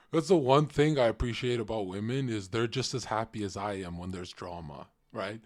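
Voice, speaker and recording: A man's voice: fairly low pitch, measured pace. A young man streaming, giving blunt, mocking reaction commentary and acting out the people he quotes.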